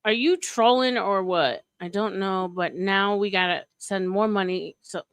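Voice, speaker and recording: Woman host, casual chat, jokey and quick to laugh, middle pitch. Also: slight background noise. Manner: laughs often, teasing. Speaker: stream host.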